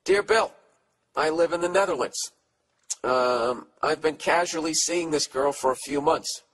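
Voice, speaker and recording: A man's voice: on the high side, a little slow, a bit bright. A middle-aged man hosting a podcast, giving blunt, profane comedic advice in a rambling way while reading out listener letters. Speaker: podcast host.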